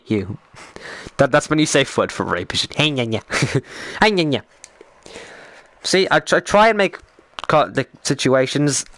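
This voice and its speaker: A man's voice: mid-range voice, fairly bright tone, no room sound. A young Irish man chatting casually on a live stream, rambling, swearing freely and getting worked up as he talks.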